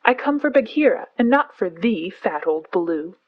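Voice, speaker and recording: A high, bright young boy from a storybook, boastful and sulky, loudly showing off as he talks. A woman reads him out. The recording sounds a little dull and lo-fi. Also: normal speed, close to an everyday voice. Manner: excited, raised, show-off talk.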